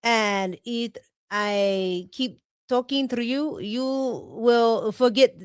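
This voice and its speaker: A woman putting on a slow, drawn-out, mocking impression of a female politician, with a put-on accent. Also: on the high side, smooth, no room sound, studio quality.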